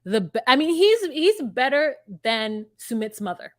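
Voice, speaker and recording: A woman's voice: sits high, sing-song, measured pace, no room sound. Chatty woman co-host, dry sound. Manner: chatty, wry, storytelling. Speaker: podcast co-host. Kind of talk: casual reality TV recap chat.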